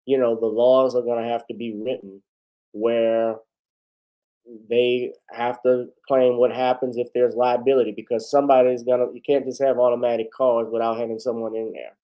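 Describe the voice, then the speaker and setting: A man's voice: mid-range voice, little pitch movement, moderate pace, muffled recording. A man hosting a casual solo talk show, chatting in a rambling way with many asides while losing his voice. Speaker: host.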